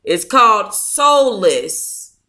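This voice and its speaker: A woman hosts a casual online book club chat with a bright, clear tone. She talks slowly and mutters to herself, then breaks into excitable, dramatic outbursts. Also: mid-range voice.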